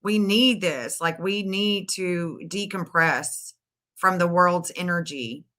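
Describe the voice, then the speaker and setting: Earnest rambling woman co-host, lowish voice with a bright edge. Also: takes it slowly. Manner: rambling, earnest, searching for words. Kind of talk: casual live-stream chat.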